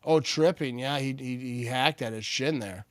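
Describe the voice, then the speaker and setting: Man, live game watch-party host, casual chatter, rising excitement calling plays, resonant tone, dry sound. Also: medium pitch, normal speed, clean tone, no echo. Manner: excited, rising play-calling between relaxed asides. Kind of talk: casual play-by-play and chat.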